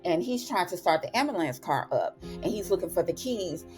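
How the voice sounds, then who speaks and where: A young woman giving a chatty, expressive episode recap, with slang asides as she retells the plot. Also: fairly low pitch, moderate pace, music in the background. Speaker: TV recap host.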